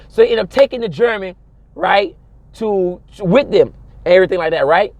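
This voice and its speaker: A man's voice: sits high, lively intonation, fairly quick, a little mellow, no echo, lo-fi sound. A young adult man talking straight to camera in a casual vlog, emphatic and preachy, repeating phrases for stress. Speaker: vlogger. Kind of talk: casual commentary monologue.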